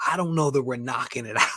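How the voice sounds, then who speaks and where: A chatty man hosts a comic collecting live stream in a casual, upbeat tone, greeting viewers by name as he goes. His voice sits at a middle pitch. It is recorded close and dry, with no room echo. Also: sharp tone.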